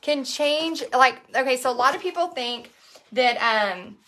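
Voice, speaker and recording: A woman's voice: high-pitched, lively intonation, a little slow, a bit bright. A woman teaching a live painting workshop, talking chattily with lots of "like" and "um". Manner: chatty, frequent "like" and "um". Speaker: paint party instructor.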